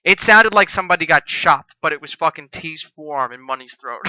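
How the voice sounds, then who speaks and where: Fast, bright-voiced young man telling stories. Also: on the high side, no room sound, poor audio. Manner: profane, animated storyteller. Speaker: podcast co-host. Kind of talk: casual storytelling chat.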